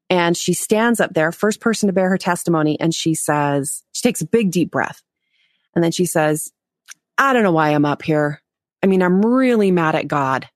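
A woman in her forties, a podcast guest, telling a personal story in an animated way, acting out quotes and laughing. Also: on the low side, no room sound, studio quality. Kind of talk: storytelling interview.

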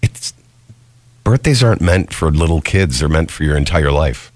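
A middle-aged man hosting a morning radio show, telling stories in casual banter with a swooping, animated delivery. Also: moderate pace, no room sound. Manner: animated storytelling, swooping pitch.

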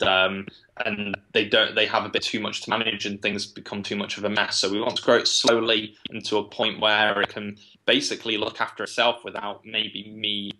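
A man with an English accent, a guest talking in a casual interview, thinking aloud with quick restarts. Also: lowish voice, pushed and bright, low-quality recording. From England. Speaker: guest, web agency founder.

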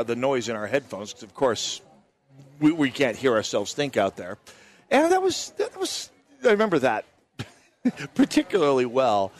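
A Minnesota man hosts a live talk radio show from a booth at an outdoor fair. His voice sits at an ordinary middle pitch, and he tells stories in a chatty, rambling way, full of restarts and side remarks. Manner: chatty storytelling with frequent restarts and asides. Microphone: broadcast mic with headphones.

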